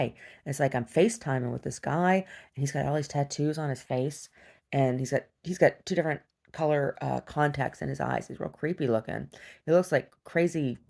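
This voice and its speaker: A woman recounting a disturbing dream in a personal video diary, talking haltingly with many restarts. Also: sits low, vocal fry, a little mellow. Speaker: survivor sharing a personal story.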